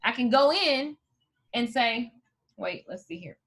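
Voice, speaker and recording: Woman host, bright voice, high-pitched, energetic tutorial. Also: measured pace. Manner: energetic, hyped, addresses viewers as "you guys". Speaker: host and coach. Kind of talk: live video tutorial.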